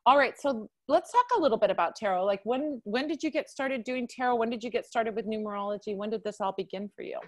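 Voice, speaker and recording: A woman's voice: fairly high pitch, fast talker, hardly any pauses. A woman hosting a live video call chat, bubbly, laughing often and talking in bursts. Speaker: host.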